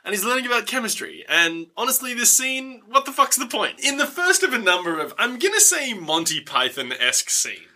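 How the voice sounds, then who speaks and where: A man co-hosts a loose movie recap, talking fast and loose and swearing freely. His voice is high and very bright, with a lively, bouncing pitch. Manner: animated, acts out characters in silly voices, swears freely. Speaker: podcast co-host. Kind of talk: casual movie recap chat.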